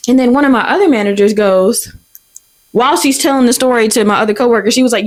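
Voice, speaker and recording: A young woman in her twenties hosting a podcast, telling a story in a profane, exasperated, animated way. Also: on the high side, quick pace. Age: 20s. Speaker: podcast host. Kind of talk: casual storytelling rant.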